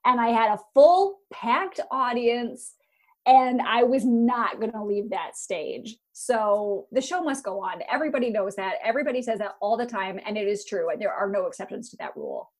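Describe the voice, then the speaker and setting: Woman, podcast guest, deadpan, matter-of-fact, fairly high. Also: moderate pace. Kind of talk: deadpan comedic reply.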